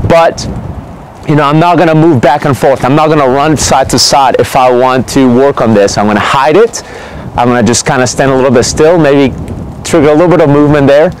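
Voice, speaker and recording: A man, a dog trainer, explaining a technique in relaxed, conversational talk, often checking in with "okay?". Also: on the high side, a little hiss or hum, poor audio. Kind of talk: casual instructional talk.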